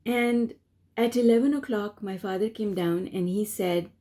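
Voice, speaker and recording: A woman speaks slowly and earnestly, with a mellow, soft-edged tone. She answers a viewer's question as a spiritual teacher, easing into a personal story in a gentle, measured way. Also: medium pitch.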